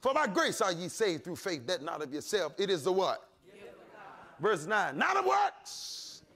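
A male pastor preaching a sermon, shouting and calling on the congregation to answer back. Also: high-pitched, sing-song, moderate pace. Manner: preaching with shouts and call-and-response.

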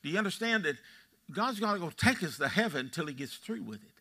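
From Texas and in his eighties, this pastor has a high, sing-song voice with a sharp edge and a fairly quick pace. He preaches a sermon in a church sanctuary, telling folksy stories and quizzing his congregation in his Texan accent.

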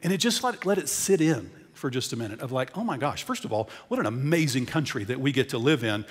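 A middle-aged American man preaching a sermon, telling a story, swinging between loud emphasis and quiet intensity. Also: medium pitch, lively intonation, fast talker, slightly rough. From United States. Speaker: pastor. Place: large church auditorium. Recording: long hall reverb in church.

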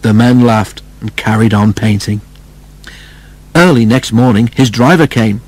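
A man narrating a children's storybook in a steady, even read-aloud manner. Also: fairly low pitch, unhurried, poor audio.

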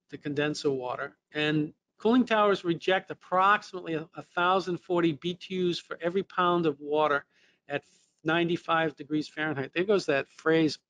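A man with a New England accent talks through a technical lesson in a relaxed, explanatory way. His voice sits a little high for a man, and he often pauses on fillers as he works through each point. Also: a little hiss or hum. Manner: casual explanatory, frequent fillers. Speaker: technical trainer.

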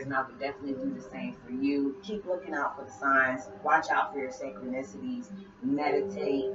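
A woman talking casually to her viewers in a spiritual vlog, rambling and repeating phrases as she addresses them directly. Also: extremely low pitch. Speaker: spiritual vlogger. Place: at home, listening to music. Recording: roomy, distant, dull sound with music. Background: music playing.

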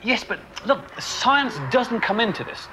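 A man's voice: very high-pitched, unhurried, heavy background noise. An Englishman playing a polite, hesitant diner customer in a comedy sketch.

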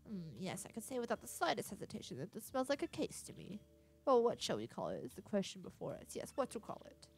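A woman's voice: medium pitch, very animated, fast talker, vocal fry, darkish tone, slight background noise. A woman voicing a pompous, self-important male detective who speaks in long-winded flourishes.

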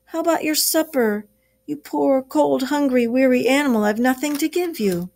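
A woman's voice: sits high, normal speed, darkish tone, pitched above the performer's own voice. A woman voicing a small, fretful male mole who moans and pities himself, in a storybook read-aloud. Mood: dismal. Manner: moaning, self-pitying.

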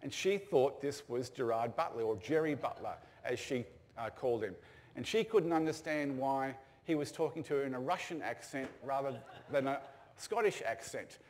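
Older aussie guy telling a yarn, relaxed, lots of ums. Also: medium pitch, normal speed. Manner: casual anecdotal storytelling with fillers. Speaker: speaker telling stories. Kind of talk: storytelling talk.

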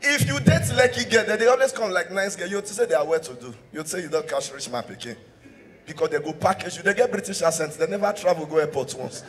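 A man's voice: high-pitched, quick pace. A man with a Nigerian accent performing live stand-up comedy, switching between English and Pidgin and laughing at his own jokes. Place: live show venue in a hall. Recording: hall reverb from a live stage mic.

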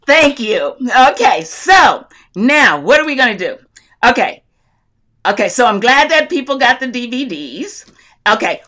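A woman's voice: a little high, sharp tone. A middle-aged woman from North Carolina hosting a crafting livestream, chatting effusively, laughing often and greeting viewers by where they live. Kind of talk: casual live chat reading viewer comments.

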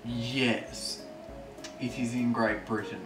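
A man hosting a vlog, talking in quick, upbeat casual chat. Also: mid-range voice, level tone, roomy sound, distant mic, over music. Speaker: vlogger host.

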